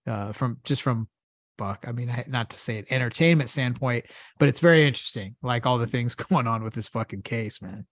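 A man's voice: mid-range voice, a little fast, dry recording. Laughing, cursing podcast guy. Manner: profane, laughing, rambling. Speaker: podcast co-host. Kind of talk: casual chat.

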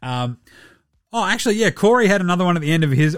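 A man's voice: on the high side, wildly swooping pitch, fast talker, no room sound, studio quality. An Australian man hosting a podcast, chatting casually and rambling with plenty of swearing and jokes. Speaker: podcast host. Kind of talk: casual sports chat.

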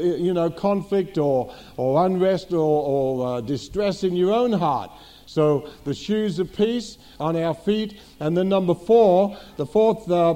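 A man's voice: high voice, dark tone. A middle-aged man, senior pastor of a church, preaching a teaching sermon to a congregation, repeating key phrases and asking rhetorical questions.

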